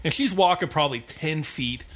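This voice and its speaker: A man's voice: a little high, normal speed. A middle-aged man telling stories in casual chat, profane and laughing often. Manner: profane, animated, laughing storyteller. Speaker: podcast co-host.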